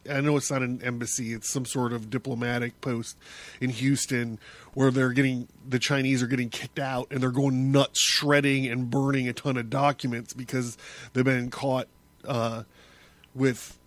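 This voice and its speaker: A man's voice: medium pitch, level tone, normal speed. A man hosting his own podcast, talking through a casual solo monologue in a rambling way, with many restarts and chuckles. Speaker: podcast host.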